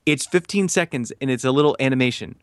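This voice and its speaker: Man, 30s, podcast guest; lively storyteller who acts out quotes, fillers galore, dry close mic. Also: mid-range voice, quick pace, dry recording. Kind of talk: casual storytelling.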